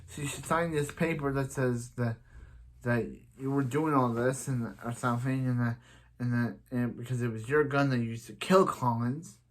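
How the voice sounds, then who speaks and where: A man talks through a TV episode in a loose, rambling recap, full of restarts and "he's like". When he quotes the characters, his voice jumps up now and then. His pitch sits in the middle of the male range. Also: fairly even intonation, moderate pace. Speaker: show reviewer.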